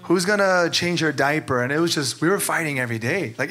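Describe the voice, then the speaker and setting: A man's voice: fairly high pitch, lively intonation, a little fast, bright, forceful tone. A man who is a pastor, sharing candidly and with emotion, filling his talk with "like". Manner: earnest, emotional, many "like" fillers.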